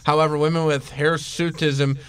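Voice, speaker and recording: A man's voice: a little high, level tone, moderate pace, a bit bright. A man who is a guest on a casual podcast, playful and giggly. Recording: noisy podcast recording.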